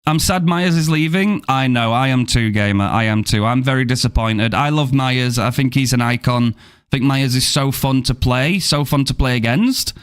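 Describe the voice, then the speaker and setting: A man's voice: mid-range voice, normal speed, clear, resonant tone. A young British man streaming a horror game, chatting playfully with viewers and swearing freely. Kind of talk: casual live-stream chat with viewers.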